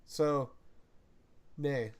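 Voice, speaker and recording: A man's voice: mid-range voice, fairly even intonation, drawn-out words, clear, resonant tone. A young man hosting a casual podcast chat, rambling, swearing freely and breaking into impressions. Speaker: podcast host.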